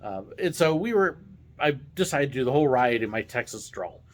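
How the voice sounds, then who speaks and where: Animated man telling funny stories. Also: medium pitch, a little fast. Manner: animated, playful, acts out quoted voices. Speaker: vlog host, former theme park ride driver. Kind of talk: casual storytelling.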